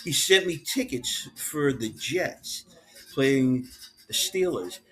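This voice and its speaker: Animated storytelling man, lively pitch. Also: takes it slowly, slightly rough. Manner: lively, laughing, acts out quotes. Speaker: guest, former head of wrestling security.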